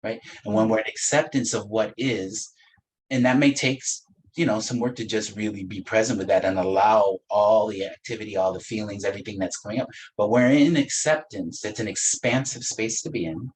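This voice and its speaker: A low-voiced man speaking as a reverend, gentle and unhurried as he reflects on feelings and healing. He drops in light, playful asides and laughs easily. A faint hum of room noise sits behind his voice. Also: low-quality recording. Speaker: reverend teaching a spiritual practice. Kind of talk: reflective spiritual talk.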